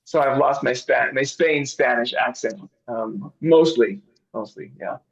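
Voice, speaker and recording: Interviewed over a video call, this middle-aged missionary director, raised abroad as a missionary kid, keeps things easygoing with frequent chuckles. His voice is mid-range, unhurried, gravelly and husky, and the sound is lo-fi.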